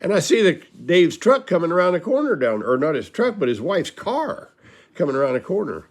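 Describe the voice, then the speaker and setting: A man's voice: high voice, big pitch swings, a little fast. A man casually telling personal stories in a folksy, rambling way, often laughing at his own punchlines. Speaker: storyteller.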